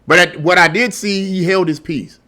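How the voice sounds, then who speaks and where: A man's voice: high voice, normal speed, bright, forceful tone. A middle-aged man giving blunt, heated solo commentary, often repeating words as he gets worked up. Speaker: political commentary host.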